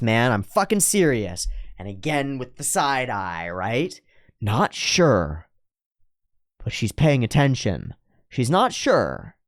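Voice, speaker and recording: A man hosting an anime reaction show, giving casual, excitable, profane commentary on an episode. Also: lowish voice, dry recording, studio quality. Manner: excitable and profane, jumps between breakdown and hype.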